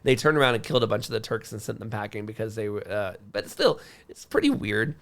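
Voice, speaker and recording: A man's voice: fairly low pitch, quick pace, creaky. A man co-hosting a podcast, retelling history in a casual, conversational way. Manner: conversational, acts out quotes in a lively way. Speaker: podcast co-host. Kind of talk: casual storytelling about history.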